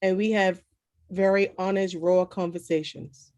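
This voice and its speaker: A woman's voice: fairly low pitch, little pitch movement, measured pace, darkish tone, no echo. A woman hosting an interview, soothing and reassuring, answering with short affirmations. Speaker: podcast host. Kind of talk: supportive interview chat.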